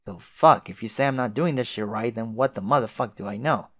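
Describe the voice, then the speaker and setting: A man voicing a laid-back, profane young male troll clown with a loud, easygoing drawl. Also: medium pitch, fairly quick, dry recording, studio quality, close to an everyday voice.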